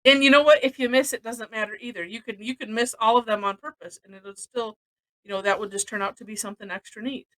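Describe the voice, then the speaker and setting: Missouri lady walking folks thru a drawing live, talky, laughs a lot, kinda high bright voice. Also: steady tone, fast, rough recording. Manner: chatty and rambling, laughs often. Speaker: drawing teacher. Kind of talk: live-streamed drawing lesson.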